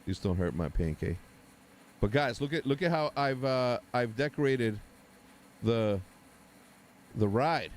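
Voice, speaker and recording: A man in his forties, a native Spanish speaker, chatting casually with his viewers while hosting a live watch party, with loud bursts of hype. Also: medium pitch, unhurried, long pauses, a little hiss or hum. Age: 40s. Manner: animated, hypes things up with loud exclamations. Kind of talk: casual live-stream chat.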